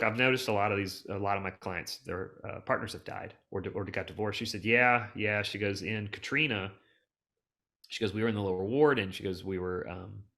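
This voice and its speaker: A middle-aged man, a hoarding cleanup expert, telling long rambling stories on a casual podcast. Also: fairly low pitch. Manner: rambling, animated storyteller who restarts and jumps around. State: emotional, close to tears.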